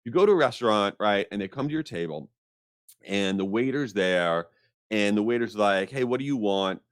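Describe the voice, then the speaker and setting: A man hosting a podcast, telling an exasperated, animated story in a casual rant. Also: fairly low pitch, normal speed, clean tone, no room sound, clean studio sound. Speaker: podcast host.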